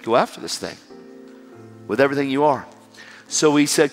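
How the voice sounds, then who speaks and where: Animated preacher man in a hall. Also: fairly high pitch, normal speed, long pauses. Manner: animated, emphatic, exhortative. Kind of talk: sermon with storytelling. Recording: reverberant hall with music behind.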